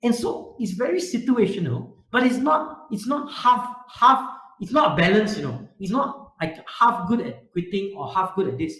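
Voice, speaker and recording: Lively man. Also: sits high, normal speed, few pauses, echoey room, poor audio. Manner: animated, asks the group questions, repetitive fillers. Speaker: youth leadership speaker. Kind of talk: online workshop talk. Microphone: video call.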